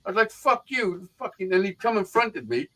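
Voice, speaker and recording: Swearing man telling rough street stories. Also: high-pitched, quick pace, poor audio. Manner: profane, animated storyteller who acts out quotes. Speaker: live stream host. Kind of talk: casual chat, storytelling.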